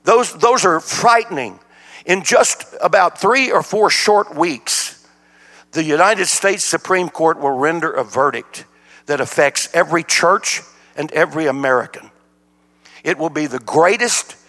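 A man's voice: fairly high pitch, a little slow. An older man, preaching a sermon as a guest speaker, telling folksy stories. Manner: folksy storytelling, animated. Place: church sanctuary. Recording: church hall reverb.

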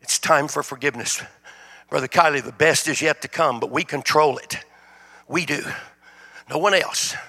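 A man's voice: on the high side, normal speed, creaky, pauses often, bright, forceful tone. A man preaching a sermon as a guest speaker, in a plain-spoken, folksy way. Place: church sanctuary. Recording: long reverb of a church hall.

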